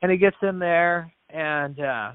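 A man speaks as a podcast guest, earnestly narrating a story and slipping into the voices of the people in it, often restarting words as he goes. His voice sits a little high for a man. The audio comes through a narrow, tinny, phone-like line with a completely dry sound. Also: measured pace, clear, resonant tone, no echo. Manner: earnest storyteller who acts out quoted dialogue; frequent restarts and repeated words. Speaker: podcast guest, business founder. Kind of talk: storytelling in an interview.

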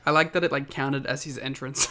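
A man's voice: mid-range voice, level tone, a little fast, pushed and bright. A man with an Australian accent co-hosting a casual wrestling podcast, joking and laughing often. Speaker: podcast co-host. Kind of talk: casual chat.

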